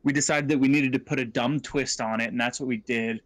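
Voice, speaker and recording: A young man co-hosting a casual podcast, playful and teasing, quick to jump into the conversation. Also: medium pitch, fairly even intonation, fairly bright tone. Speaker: podcast co-host.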